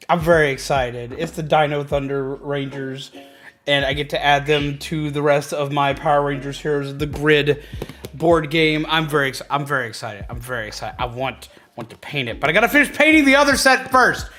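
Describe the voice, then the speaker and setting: Excitable high bright-voiced male streamer. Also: moderate pace. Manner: chatty, excitable, repeats himself. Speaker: livestream host. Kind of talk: casual livestream chat. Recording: faint background music.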